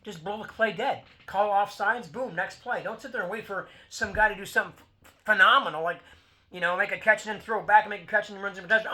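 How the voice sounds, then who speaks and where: A man's voice: sits high, quick pace, pushed and bright. A man hosting a football talk show, ranting bluntly with lots of fillers and swearing. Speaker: sports podcast host. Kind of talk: casual sports rant.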